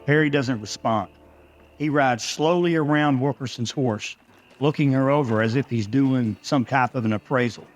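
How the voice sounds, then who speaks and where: A man's voice: mid-range voice, moderate pace, faint music behind. Folksy man telling a ranch story. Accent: Texan. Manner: folksy, dry first-person telling. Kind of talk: storytelling narration.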